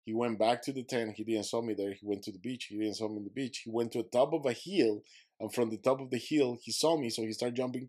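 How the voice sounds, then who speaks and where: A man's voice: mid-range voice, steady tone, quick pace, darkish tone. A man who is a podcast guest, telling a vivid story and acting out his own quotes, in slightly broken English.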